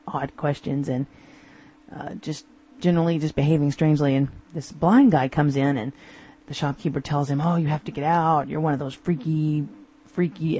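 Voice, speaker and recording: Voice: medium pitch, mellow. A podcast host recapping TV episodes in a casual, amused way, often acting out the characters' lines.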